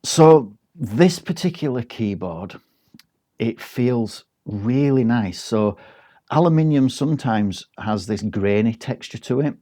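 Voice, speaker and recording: A man's voice: medium pitch, lively intonation, slow pace, warm tone. A man giving a casual, rambling product review, with frequent ums and restarts. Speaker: tech reviewer.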